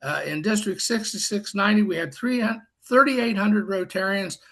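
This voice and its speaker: His voice sits high and a bit bright at a moderate pace as an older man, once a district governor, shares folksy stories poking fun at himself. The dry humor plays out on a group video call.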